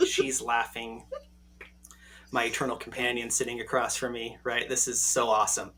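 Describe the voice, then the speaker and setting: A man in his forties tells a story as a podcast guest with a bright, forceful voice. He is animated and keeps tagging his sentences with "right?". His pitch sits in the middle for a man. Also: moderate pace.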